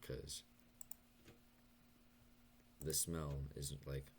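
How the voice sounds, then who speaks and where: A young man talking softly and hesitantly in a late-night confessional vlog, stuttering and pausing as he goes. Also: very deep voice, level tone, slight background noise. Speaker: vlogger.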